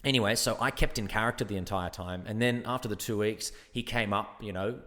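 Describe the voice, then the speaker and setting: An Australian man, an actor and interview guest, telling casual anecdotes in a lively way. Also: on the low side, a little fast, in a large hall. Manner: animated anecdotes with quoted voices. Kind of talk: casual chat, storytelling.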